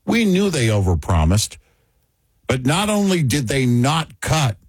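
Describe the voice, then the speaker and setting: A man hosting a political talk show, speaking in a frustrated, emphatic way with a husky voice. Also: mid-range voice, sing-song, a little slow, no room sound.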